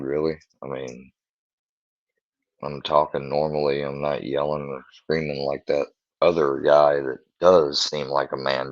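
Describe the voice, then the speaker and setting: A man live streaming from home in a casual chat, talking in a halting way as he searches for his words, on dull lo-fi stream audio. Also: extremely low pitch, a bit bright, no echo.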